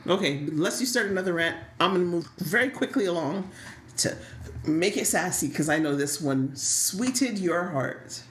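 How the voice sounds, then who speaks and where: A woman co-hosting a casual soap opera recap, telling stories in a lively, sassy way with frequent laughs. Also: on the low side, normal speed, echoey room, a little hiss or hum. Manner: animated, laughing, sassy storytelling. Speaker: podcast co-host.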